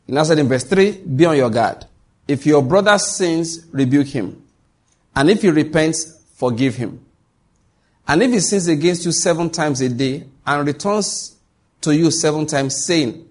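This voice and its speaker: A man delivers a sermon in a husky, slightly high voice. He tells stories with humor and acts out the back-and-forth between characters. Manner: animated, humorous storytelling with acted-out dialogue. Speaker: preacher.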